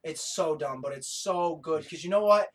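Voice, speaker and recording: Excitable, profane man, slightly high voice. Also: normal speed, rough recording. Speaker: podcast co-host. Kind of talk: casual chat.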